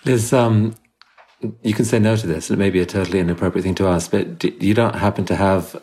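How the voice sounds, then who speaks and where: A man's voice: deep voice, steady tone, fast, darkish tone. A man interviewing a guest, asking his questions in a tentative, polite way. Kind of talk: conversational interview.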